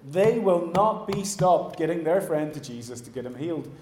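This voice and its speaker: A man preaching a sermon in a church, animated, acting out the voices he quotes and dropping to a hush at the ends of phrases. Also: fairly high pitch, normal speed, slight background noise. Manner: animated, acts out quoted voices, trails off quietly. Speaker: pastor. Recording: echoey church room.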